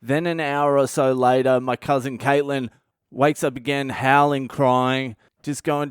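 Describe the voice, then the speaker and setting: An Australian man in his thirties tells a story in a blunt, offhand way, swearing often. His voice is smooth and clear. The recording is close and dry. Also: medium pitch, flat delivery, a little slow, no echo. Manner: swears constantly, blunt and conversational. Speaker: comedian and podcast host. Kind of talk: casual comic storytelling.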